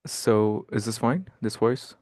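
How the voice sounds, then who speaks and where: Male coach on a group call, loose filler-heavy talk, lowish voice, dry close sound. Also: slow, a little mellow, dry recording. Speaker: outreach coach.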